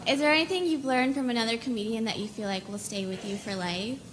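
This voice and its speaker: A woman in her twenties in the audience asks a question, speaking softly and hesitantly with fillers. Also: a little high, fast talker, background noise. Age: 20s. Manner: hesitant, soft-spoken, with fillers. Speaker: audience member asking a question.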